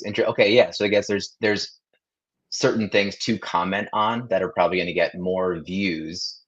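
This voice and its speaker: A man's voice: deep voice, fairly bright tone, lo-fi sound. A man co-hosting a casual livestream chat, asking questions and reading chat comments aloud. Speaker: co-host.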